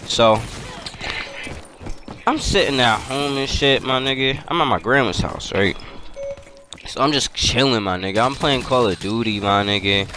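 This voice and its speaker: A man's voice: mid-range voice, a little slow, pauses often. A young man telling a story in a loose, slangy way while playing a game, laughing often. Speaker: gaming YouTuber. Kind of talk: casual storytelling over gameplay. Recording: game gunfire noise behind voice. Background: video game gunfire and clicks.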